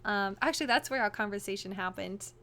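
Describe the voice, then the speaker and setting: A young woman vlogging, telling a story to her camera in a chatty, animated way full of "like" fillers. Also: mid-range voice, fairly quick. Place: home room, wearing a costume.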